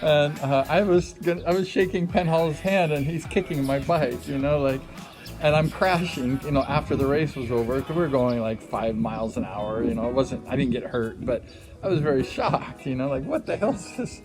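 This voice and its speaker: A man's voice: medium pitch, normal speed. Rambling middle-aged man telling a story. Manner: rambling, repetitive fillers. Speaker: former speedway racer. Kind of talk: casual storytelling. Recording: loud music underneath.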